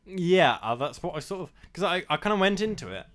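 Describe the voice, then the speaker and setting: A man's voice: high-pitched, lively intonation, a little fast, a bit bright. A young man co-hosting a casual film podcast, talking hesitantly with many fillers. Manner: hesitant, many ums and sort ofs. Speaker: podcast co-host.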